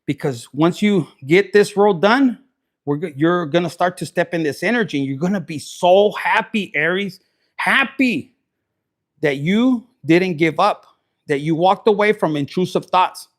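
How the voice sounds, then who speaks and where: A man's voice: high-pitched, expressive, measured pace. Crude, joking man reading tarot. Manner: crude, joking, mixes in Spanish slang. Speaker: tarot reader.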